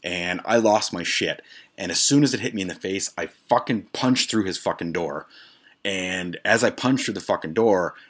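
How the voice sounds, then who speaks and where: A man's voice: low-pitched, moderate pace, a bit bright. A man, a podcast host telling a wild story in a casual, profane, rambling way full of fillers.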